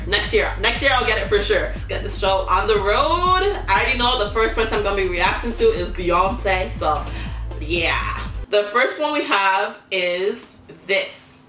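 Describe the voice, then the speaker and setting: Bright-voiced young woman vlogging casually. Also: medium pitch, distant mic. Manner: chatty, laughs often, excited reactions. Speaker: YouTuber reviewing celebrity costumes. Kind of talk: casual reaction vlog. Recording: echoey room, voice somewhat off-mic.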